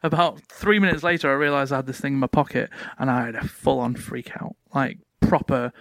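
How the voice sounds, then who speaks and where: A man's voice: medium pitch, steady tone, fairly quick, vocal fry, a bit bright, no echo. A man, hosting a podcast and telling rambling anecdotes with frequent laughter. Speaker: podcast host. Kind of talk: casual chat.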